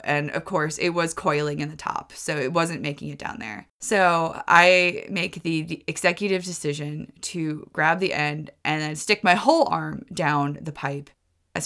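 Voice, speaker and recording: Young woman, podcast host, casual story, rambling, exasperated, slightly low voice. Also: a bit bright. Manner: rambling, self-correcting, exasperated.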